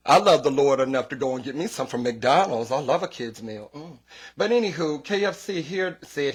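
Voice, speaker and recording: Animated, profane podcast host, man. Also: mid-range voice, a little fast, breathy edge. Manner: profane, animated storytelling with quoted voices. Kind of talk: casual comedic podcast rant.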